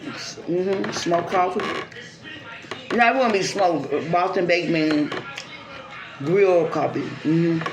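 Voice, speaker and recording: A woman's voice: fairly low pitch, slow, long pauses. A woman hosting a casual food vlog, chatting easily with frequent murmured agreement. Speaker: vlog host. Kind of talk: casual chat during a food video. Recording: roomy recording with crowd noise.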